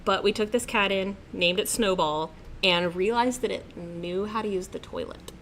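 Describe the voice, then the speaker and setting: A woman's voice: medium pitch, normal speed, fairly bright tone. A woman guest on a casual chat show, talking eagerly about pets and her pet care business. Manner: chatty, enthusiastic, self-described dog training nerd.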